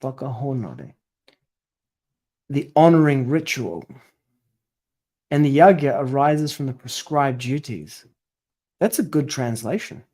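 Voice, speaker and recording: A man's voice: mid-range voice, animated, a little slow, pauses often, mellow. A man working through a translation aloud, tentative and self-correcting as he muses over each word. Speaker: scripture study presenter.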